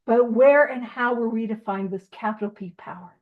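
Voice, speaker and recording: A woman's voice: fairly high pitch, normal speed, phone-quality sound. A woman leading a recovery study group in a casual teaching talk, chatty and self-deprecating, laughing often as she goes.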